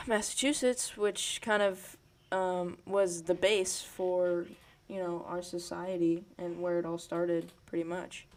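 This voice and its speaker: A young man co-hosting a casual podcast chat, hesitant and full of ums and pauses. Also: sits high, flat delivery. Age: young adult. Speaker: podcast co-host.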